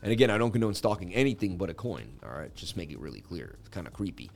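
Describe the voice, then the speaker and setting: A man's voice: deep voice, expressive, fast talker, gravelly, a little mellow, faint music behind. A man hosting a casual livestream, joking and chatting while he reads viewer comments and walks through charts. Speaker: crypto livestream host.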